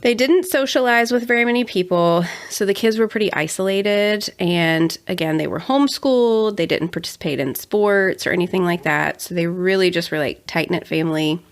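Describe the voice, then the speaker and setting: A woman's voice: lowish voice, normal speed, hardly any pauses. A young adult woman co-hosting a casual true-crime podcast, chatty with sarcastic asides. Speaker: podcast co-host.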